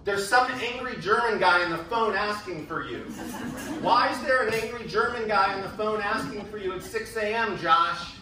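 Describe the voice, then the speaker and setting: A man voicing his young roommate yelling in disbelief, in an echoey hall. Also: high-pitched, moderate pace, recorded from a distance, background noise, voice pushed up, natural voice. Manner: yelling, incredulous.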